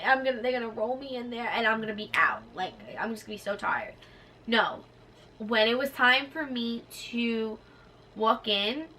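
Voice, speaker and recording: A young woman telling a personal story to her vlog audience in casual chat, acting out what others said to her. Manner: animated, acts out nurses' lines in a higher voice. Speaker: vlogger. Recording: slightly distant mic with faint room noise.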